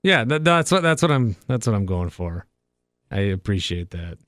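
A man's voice: on the low side, very animated, a bit bright, dry recording, clean studio sound. A man from Wisconsin hosting a casual podcast chat, wisecracking and poking fun at himself. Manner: wisecracking and self-mocking, quick asides. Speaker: podcast host.

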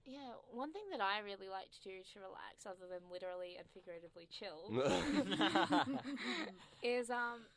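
A woman's voice: mid-range voice, animated, normal speed. A young woman co-hosting a casual radio chat show, chatty and trailing off with fillers. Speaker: radio co-host. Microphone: studio microphone.

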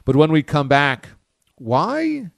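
A man hosting a sports radio show, playful and quick to joke and laugh. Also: fairly high pitch, wildly swooping pitch, creaky, no room sound, clean studio sound. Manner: playful, mimics people, laughs often.

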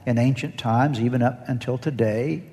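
A man's voice: mid-range voice, moderate pace, dark tone, big-room sound. A male pastor preaching an earnest sermon and leading the congregation in call-and-response.

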